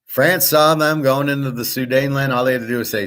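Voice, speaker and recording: A man's voice: mid-range voice, fairly even intonation, fast talker, a bit bright. A man hosting a show in a casual, rambling monologue, blunt and profane, often restarting his sentences. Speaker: show host.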